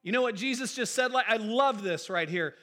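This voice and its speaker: A male pastor preaching a sermon in an animated, emphatic, conversational way. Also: very high voice, brisk.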